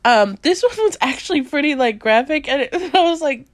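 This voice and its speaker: A young woman hosting a casual podcast about movies, talking in an animated way with a lot of fillers and frequent laughter. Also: high-pitched, brisk, no echo. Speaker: podcast host. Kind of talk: casual chat reviewing movies.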